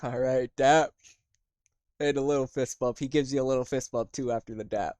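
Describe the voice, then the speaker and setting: A man's voice: mid-range voice, steady tone, brisk, a little mellow, no room sound. A man running a tabletop game as game master, talking casually and rambling with fillers.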